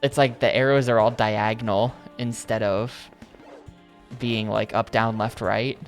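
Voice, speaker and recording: A man's voice: fairly low pitch, level tone, measured pace, soft background music. A man streaming a video game, rambling casually and hedging with lots of "like" and "I think". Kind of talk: casual gameplay commentary.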